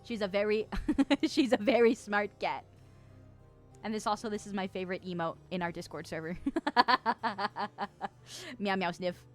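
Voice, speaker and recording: A woman in her twenties chatting casually on a live stream, reading chat aloud, giggling often and getting excited. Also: mid-range voice, measured pace, long pauses, faint music behind. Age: 20s.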